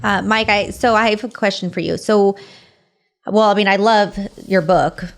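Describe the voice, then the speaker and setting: A woman's voice: medium pitch, fairly even intonation, moderate pace. A woman hosting a podcast interview, encouraging her guest with frequent short affirmations. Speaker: podcast host. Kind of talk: conversational interview.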